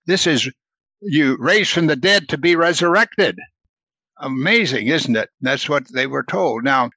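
A man teaching a Bible study in a conversational way, asking questions and answering them himself, reading verses slowly and then explaining them. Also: medium pitch, pushed and bright, dry recording. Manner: reads scripture slowly, then explains it casually.

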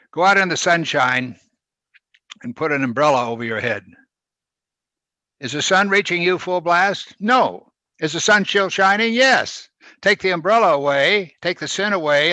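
A man preaching a verse-by-verse sermon, with sharp rises and drops in volume for emphasis. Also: on the high side, no echo. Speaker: pastor.

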